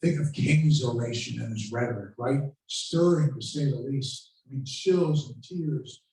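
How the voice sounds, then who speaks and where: A man tells history as a lecture, building dramatic stories and acting out quoted speeches with real feeling. His dark, mellow voice carries through a very echoey room. He sounds set back from the microphone. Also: medium pitch, measured pace, recorded from a distance. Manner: storytelling, dramatic quoting of speeches. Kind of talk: history lecture to a live audience. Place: lecture room at a country club.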